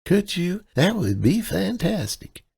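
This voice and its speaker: A man's voice: high-pitched, sing-song, takes it slowly, vocal fry, a little mellow, breathy edge, pitched above the performer's own voice, full character voice. A man voicing a female covert operative who poses as a chirpy clerk with a Midwestern accent, playing a breezy, flirty damsel in distress. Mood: bright, coaxing.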